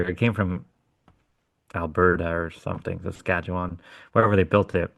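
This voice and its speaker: A man with a very low voice tells a story in casual podcast chat. He swears freely and talks bluntly. The recording is dry and close. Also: steady tone, fairly quick, no echo. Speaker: podcast co-host.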